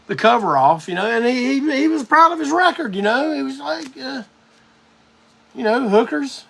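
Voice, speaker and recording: A man's voice: extremely high pitch, creaky, fairly bright tone, husky. A man hosting a live music show, telling a rambling, profane story in a casual monologue.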